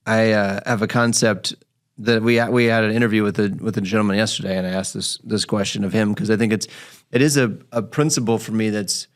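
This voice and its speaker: Low-voiced man telling a clinic story. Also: fairly quick. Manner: animated storyteller, acts out his patient's lines. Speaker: physical therapist podcast host. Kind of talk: casual storytelling chat.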